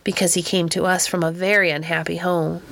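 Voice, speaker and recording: A woman voicing a kindly, earnest mother in an audiobook, speaking slowly and gravely. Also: on the low side, little pitch movement, fairly bright tone, a little hiss or hum. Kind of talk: audiobook character reading.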